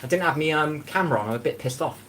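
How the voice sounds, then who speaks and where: This livestream cooking host has a high-ish, racing, somewhat bright voice, with a little hiss or hum in the audio. Seated on a chair in his home kitchen, he runs a casual stream, rambling, greeting viewers by name, and cursing freely.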